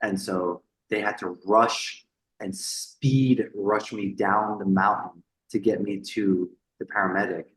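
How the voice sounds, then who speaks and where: A man with a lowish voice tells a story as a podcast guest, animated and swearing freely. He repeats words as he goes and acts out the people he quotes. The room around him sounds echoey. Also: slow pace. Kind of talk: casual storytelling interview.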